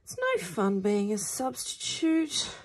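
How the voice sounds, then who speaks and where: A woman's voice: very animated, measured pace, a little mellow, slight background noise, heavily acted. Woman doing a shy, pleading little boy. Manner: timid, pleading, high and breathy. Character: shy eager young boy footballer.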